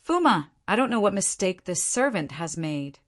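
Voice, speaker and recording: A woman's voice: medium pitch, very animated, moderate pace, lightly acted. A woman reading the lines of a terrified young palace maid pleading for mercy.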